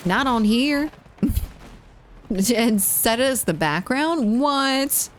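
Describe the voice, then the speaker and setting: A woman's voice: high voice, lively intonation, slow. A woman streaming a game, chatting casually, giggling often as she reads chat messages aloud and answers them. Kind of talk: casual live-stream chat while gaming.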